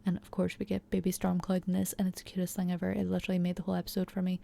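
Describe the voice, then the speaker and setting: A woman's voice: lowish voice, monotone, racing, vocal fry, mellow. A young woman giving a chatty, enthusiastic recap and analysis of a TV episode, peppered with fillers. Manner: chatty, enthusiastic, heavy use of fillers like "you know" and "like". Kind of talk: casual recap and commentary.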